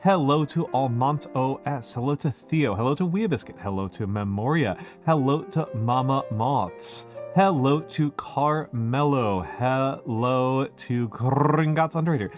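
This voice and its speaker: A man at a middle pitch chats casually on a live stream, drawing out his greetings and filling pauses with ums and uhs. His talk is loose and unhurried, and faint music plays low behind him. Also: lively intonation. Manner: unhurried, drawn-out greetings with many fillers.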